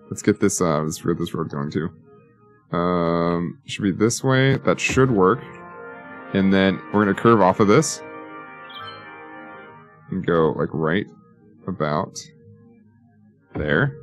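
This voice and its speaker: A man's voice: low-pitched, animated, takes it slowly, long pauses, faint music behind. A man giving casual, rambling let's-play commentary, joking and talking to himself as he builds. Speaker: gaming YouTuber.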